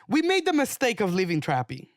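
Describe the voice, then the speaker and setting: A young man, co-hosting a casual podcast chat and telling stories with lively emphasis. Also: sits high, brisk, no room sound, clean studio sound. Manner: animated, emphatic storytelling. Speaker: podcast co-host.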